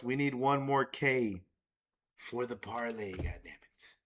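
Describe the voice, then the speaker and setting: A man hosting a live baseball watch-along stream, excitable and swearing as he talks to his chat. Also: mid-range voice, a little slow. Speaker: livestream host.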